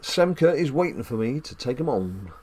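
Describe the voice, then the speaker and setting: A middle-aged man hosting a casual gaming video with his son, joking and teasing in lively banter. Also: mid-range voice, moderate pace, a little hiss or hum. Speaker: gaming channel host, dad.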